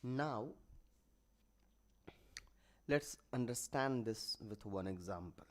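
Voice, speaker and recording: A man teaching a grammar lesson online, explaining terms step by step and often pausing to correct himself. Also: on the low side, lively intonation. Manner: halting, with restarts and self-corrections; writes examples while explaining.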